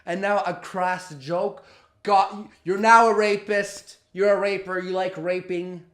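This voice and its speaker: High-voiced man ranting in echoey room. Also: level tone, measured pace, fairly bright tone. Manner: exasperated, profane, mocking. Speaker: commentary host. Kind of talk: ranting reaction commentary. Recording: roomy echo.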